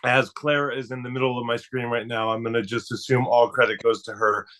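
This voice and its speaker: A man's voice: medium pitch, little pitch movement, a little fast, fairly bright tone. A man speaking on a video call who laughs often and jokes about himself while giving emotional thanks. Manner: giggly, emotional, self-deprecating. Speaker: participant.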